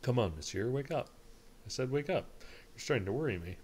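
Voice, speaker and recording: A man's voice: mid-range voice, lively intonation, fairly quick, a little mellow, slight background noise, lightly acted. A man doing a chatty, friendly fisherman. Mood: concerned.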